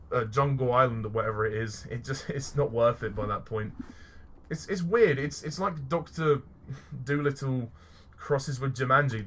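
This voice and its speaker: A man rants his way through a film review with a bright, forceful voice. He sounds fed up, swears freely and keeps stumbling and restarting his sentences. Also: medium pitch. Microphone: voice-only recording.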